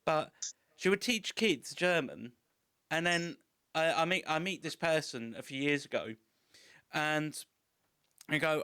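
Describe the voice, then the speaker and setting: Smooth-voiced English podcast host. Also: male voice, on the high side, a little slow, long pauses, bright, forceful tone. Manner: chatty, encouraging, swears casually. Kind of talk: casual interview chat.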